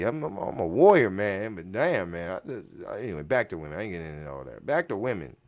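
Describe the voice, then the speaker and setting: Animated swearing radio host, shouting and muttering. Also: male voice, low voice, fast talker, hardly any pauses. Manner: slips into a mock English accent. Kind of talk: solo podcast rant.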